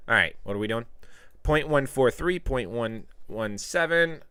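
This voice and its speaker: A man chats casually on a live stream, reading out viewer comments and giving tips. His voice is bright and clear, and it swings widely up and down in pitch. He breaks into loud, playful outbursts. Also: expressive, unhurried, no echo, studio quality. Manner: reads viewer comments aloud and gives tips. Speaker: live stream host answering chat.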